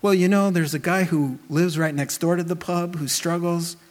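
Emphatic preacher man, fairly high voice. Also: normal speed. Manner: animated and emphatic, with rhetorical questions. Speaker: pastor. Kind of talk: sermon.

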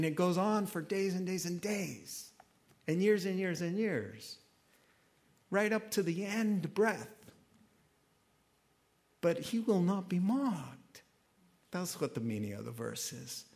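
A man preaching in a loose, conversational way, his voice sitting a little high. His pitch swings widely as he preaches, rising high and then dropping to a hush. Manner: animated, conversational preaching with sudden quiet drops. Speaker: pastor. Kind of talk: sermon.

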